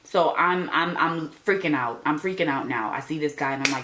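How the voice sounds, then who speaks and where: A young woman vlogger telling an animated storytime, acting out the people she quotes. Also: low voice, normal speed, few pauses. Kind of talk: storytime vlog.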